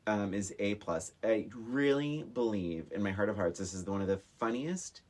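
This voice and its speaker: Animated excitable man chatting. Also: fairly low pitch, normal speed. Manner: excitable, laughs often, acts out scenes. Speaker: podcast co-host. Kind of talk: casual chat reviewing a film.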